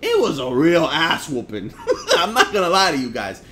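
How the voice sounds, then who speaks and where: A man's voice: a little high, wildly swooping pitch, normal speed, fairly bright tone, a little hiss or hum. A young man who grew up in Harlem, telling personal stories in a blunt, profane, slangy vlog manner. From Harlem, New York. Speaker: vlogger. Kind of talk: casual storytelling vlog.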